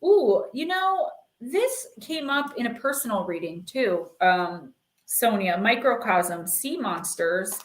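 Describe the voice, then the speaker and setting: A woman's voice: medium pitch, animated, slow pace, fairly bright tone, roomy sound. A woman hosting a live stream, chatting casually and reading oracle cards with lots of fillers. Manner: chatty, filler-heavy, reassuring. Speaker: oracle card reader and live-stream host.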